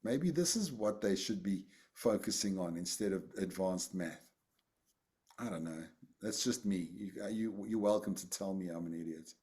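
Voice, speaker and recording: A man's voice: sits low, animated, moderate pace, a little mellow. A man leading a casual group session over a video call, rambling and self-deprecating, often repeating his words. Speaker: group facilitator.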